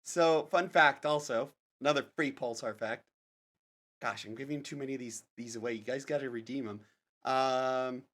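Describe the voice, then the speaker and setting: A man's voice: mid-range voice, a bit bright. A man streaming a game live, chatting casually in a rambling, self-correcting way.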